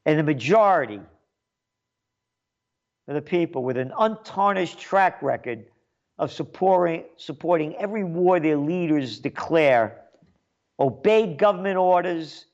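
A man's voice: fairly high pitch, lively intonation, measured pace, long pauses, highs cut off. Sarcastic New man ranting. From New York. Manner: sarcastic, mocking, swings between loud jabs and muttered asides. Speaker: commentary show host. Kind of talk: ranting commentary monologue.

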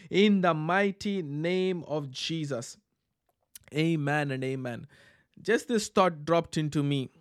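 A high-pitched male preacher delivers a charismatic sermon full of fervent, repeated phrases, drifting into speaking in tongues as he leads prayer. The sound is close and dry, with no room around it. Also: slow, no room sound. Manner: fervent, repetitive, breaks into tongues.

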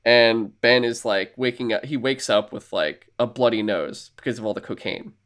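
A man's voice: mid-range voice, normal speed. A man co-hosting a podcast, casually retelling a film's story with lots of filler words and playful asides. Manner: animated storyteller, many filler words, acts out quoted lines. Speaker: podcast co-host. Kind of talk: casual chat, retelling a film.

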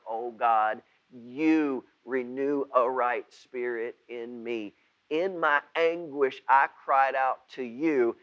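A male pastor delivers a sermon over a video recording, in an unhurried voice that often stumbles and restarts. His mid-range voice swells into emphatic bursts at key points, and the audio sounds dull and lo-fi. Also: mid-range voice. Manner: halting, with repeated restarts; rises to emphatic outbursts when voicing Jonah. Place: home setting, preached over video.

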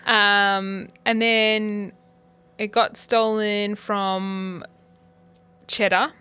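A woman co-hosting a podcast, recapping in a casual, halting way with many fillers. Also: mid-range voice, little pitch movement, bright, forceful tone, clear, resonant tone. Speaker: podcast co-host. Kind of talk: casual chat.

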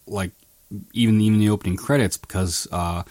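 A man co-hosting a movie podcast in loose, rambling chat. His voice sits a little low and sounds dry and close to the mic. He stumbles through restarts and filler words and gets lively when retelling scenes. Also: brisk, dry recording. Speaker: podcast co-host. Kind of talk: casual movie review chat.

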